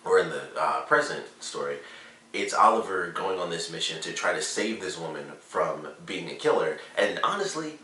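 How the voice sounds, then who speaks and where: A low-pitched man talks through a TV episode review in a loose, rambling way, leaning on "like" and "you know". His voice has a bright, forceful edge. He sits back from the mic in an echoey room. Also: lively intonation, moderate pace, distant mic. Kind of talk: casual spoken review.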